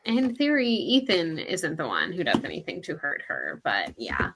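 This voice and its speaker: A woman's voice: deep voice, wildly swooping pitch, normal speed, very noisy. A woman, co-hosting a podcast in a casual chat, recapping a book and reading passages aloud, with lots of "like.". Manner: chatty, many "like"s, reads quotes aloud. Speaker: podcast co-host.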